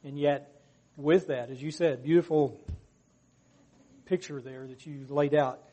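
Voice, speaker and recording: A man's voice: fairly high pitch, steady tone, measured pace, mellow. A man leading a Bible study discussion, talking earnestly and raising his voice to act out quoted lines. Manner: earnest, acts out quotes with raised voice. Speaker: discussion leader.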